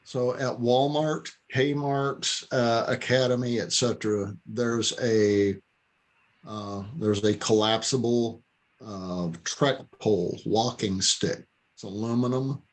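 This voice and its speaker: A man's voice: medium pitch, steady tone, slow pace. A man giving firm, emphatic dog-training advice on a video call. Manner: emphatic, acts out what the owner should say.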